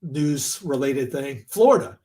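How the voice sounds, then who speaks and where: A man co-hosting a podcast in casual chat, animated and quick to mock people with put-on voices. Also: mid-range voice. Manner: animated, mocking voices in quotes. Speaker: podcast co-host.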